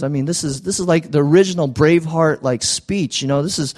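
A man preaching a sermon as pastor in a conversational, halting way. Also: fairly high pitch, a little mellow.

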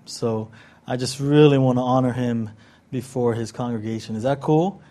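A man's voice: mid-range voice, unhurried, mellow. A man preaching as a guest pastor, from Southern California, joking with the congregation and praying. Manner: playful, joking with the audience. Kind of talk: sermon.

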